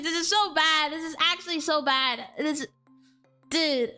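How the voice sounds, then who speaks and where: A woman's voice: high-pitched, big pitch swings, takes it slowly, sharp tone, faint music behind. A woman streamer in casual chat, slangy and exclaiming, heavy on fillers like "like" and "dude".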